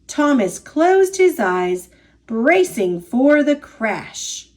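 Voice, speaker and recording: Lady reading a kids picture book, high and bouncy voice, super slow. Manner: expressive, drawn-out storybook narration. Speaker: storyteller. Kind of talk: children's picture book read-aloud.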